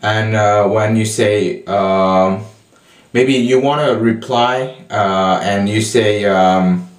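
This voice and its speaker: A man with a French accent explaining everyday spoken French in a casual lesson, slow and hesitant with many fillers and restarts. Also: on the low side, echoey room, distant mic. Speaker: French tutor.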